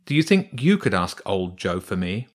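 A man's voice: low voice, very animated, normal speed. A man voicing a curious, polite young boy in a storybook reading, asking eager questions. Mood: earnest.

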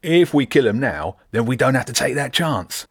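A brutish rat mercenary who sneers at everyone, as a male narrator puts him on. His gruff, menacing voice is pushed louder and a bit higher than the reader's own. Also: animated, moderate pace, no room sound, clean studio sound.

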